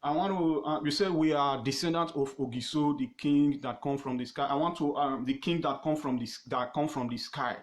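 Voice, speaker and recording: A man with a Nigerian accent teaching history informally on his own page, emphatic and repetitive, pausing often with fillers. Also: a little high, reverberant. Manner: emphatic, repeats words, pauses with fillers.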